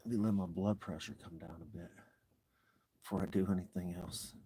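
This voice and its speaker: A man's voice: low voice, normal speed, slight background noise. A man chatting casually on a live stream from inside his truck at night, a little out of breath and sometimes dropping to a whisper. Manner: rambling, relaxed, drops to a whisper at times. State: a bit out of breath. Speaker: vlogger.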